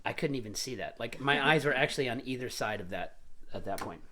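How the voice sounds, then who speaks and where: This mid-range male voice is animated, quick and slightly bright, with a faint hiss or hum underneath. He hosts a laid-back home cooking show, chatting, joking and rambling as he cooks in a casual live-stream demo. He comes from Irish family roots.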